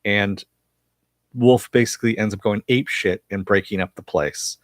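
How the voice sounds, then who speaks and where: A man's voice: fairly low pitch, moderate pace, no room sound, studio quality. A man casually recapping a TV episode for viewers, rambling with frequent fillers and chuckles. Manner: reads viewer chat aloud. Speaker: TV episode reviewer.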